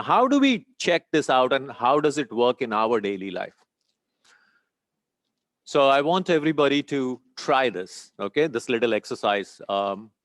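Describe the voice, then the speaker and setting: Calm man leading an Om chant lesson. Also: medium pitch, dry recording. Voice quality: sweating, a little warm. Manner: calm, instructive, checks in often with "okay?". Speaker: meditation teacher. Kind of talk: guided breathing and chanting lesson.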